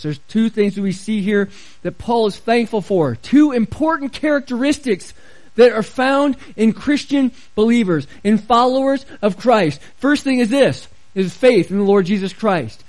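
A man's voice: high-pitched, expressive, measured pace, a little mellow, low-quality recording. A middle-aged man preaching a sermon in a church as pastor, earnest and emphatic, asking the congregation questions.

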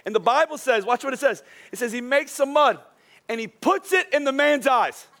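A man preaching a sermon as a pastor, his voice worn from speaking all day. He tells jokey stories and drops soft and slow for the serious points. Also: very high voice, animated. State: voice wearing out from a long day of preaching.

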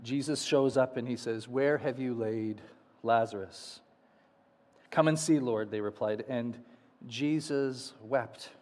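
A male pastor delivering an Easter sermon and reading scripture, dramatic, often dropping to soft, low endings. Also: slow pace, big-room sound.

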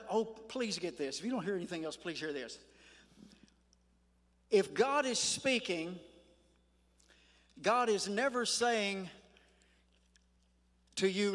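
An older man preaching a sermon in a church, folksy and emphatic, slowing down to stress words. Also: high voice, a bit bright. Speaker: pastor. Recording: echoey church hall.

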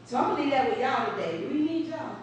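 High-voiced woman preaching in echoey church. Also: expressive, fast. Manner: storytelling, asks the congregation questions, laughs often. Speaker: preacher addressing a congregation. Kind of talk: conversational sermon. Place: church sanctuary. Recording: very echoey room from far off, faint hiss.

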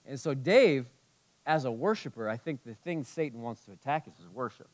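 A man preaching a sermon as a pastor, impassioned, moving between loud emphasis and hushed tenderness. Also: medium pitch, expressive, brisk.

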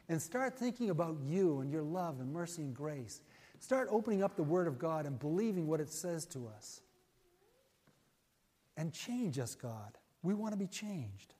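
In a church sanctuary with big-room sound, a male pastor with a fairly high, slightly rough voice preaches a sermon and leads an altar-call prayer. He's earnest and folksy, repeats his phrases, and drops to a hush as he prays.

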